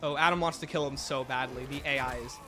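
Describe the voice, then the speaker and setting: A man's voice: mid-range voice, fairly even intonation, fast talker, sharp tone, faint music behind. A young man with a sick voice, livestreaming a zombie game and chatting casually with his viewers, greeting them by name. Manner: chatty, greets chat by name, jokey asides. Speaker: gaming livestreamer. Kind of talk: casual gameplay chat with viewers.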